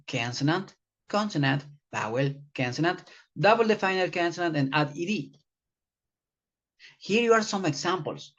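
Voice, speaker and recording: An English teacher giving a grammar lesson, repeating key words slowly and calling the learners guys. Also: mid-range voice. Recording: dull lo-fi recording.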